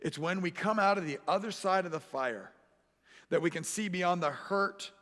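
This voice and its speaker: A man preaching a sermon as pastor, animated and acting out the voices he quotes. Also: high-pitched, moderate pace. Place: church sanctuary. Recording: echoey church hall.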